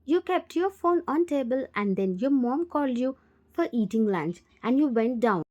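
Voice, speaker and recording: A woman narrating a fan fiction story in the second person, in a plain, steady voiceover. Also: sits high, moderate pace, lo-fi sound.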